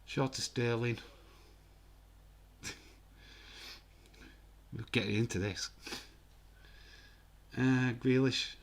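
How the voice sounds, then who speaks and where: A man giving casual, excitable live football commentary and reading out viewer comments. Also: medium pitch, very slow, gravelly, pauses often. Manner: chatty, excitable, reads viewer comments aloud. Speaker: host of a live football watch-along.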